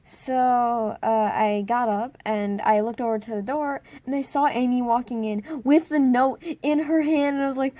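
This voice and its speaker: Teen girl storytime vlogger, a bit high-pitched, chatty and dramatic, lots of "like". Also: normal speed, hardly any pauses. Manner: excitable, heavy on filler words, bursts into dramatic squeals. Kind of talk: casual storytime narration.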